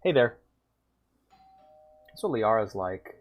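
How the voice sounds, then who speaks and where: A man streaming and reacting to videos in loose, profane casual chat, swinging between loud outbursts and mutters. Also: lowish voice, very animated, slow, dull audio. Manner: loose and profane, bursts of laughter.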